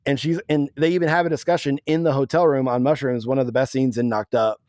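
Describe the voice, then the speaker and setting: A man co-hosting a podcast, animated and chatty, telling stories with quick asides. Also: medium pitch, dry recording, clean studio sound. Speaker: podcast co-host. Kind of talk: casual chat.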